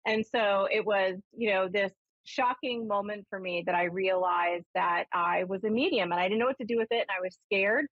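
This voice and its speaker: A chatty woman from Ohio works as a psychic medium on a live call-in radio show. She tells stories in an animated way, full of fillers. Her voice sounds dry and slightly muffled, like a radio broadcast. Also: mid-range voice, moderate pace, dry recording. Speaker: psychic medium and spiritualist minister.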